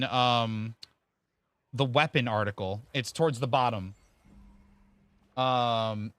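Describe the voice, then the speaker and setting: A man's voice: mid-range voice, a bit bright, no room sound. A man streaming a game, rambling casually, explaining the game and thanking viewers by name with the odd curse. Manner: casual swearing. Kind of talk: casual live-stream chat.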